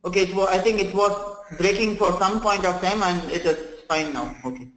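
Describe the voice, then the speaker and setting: A man running a live software training session, explaining step by step, often saying "okay" and "friends" and restarting sentences. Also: sits high, fairly quick, roomy sound, poor audio.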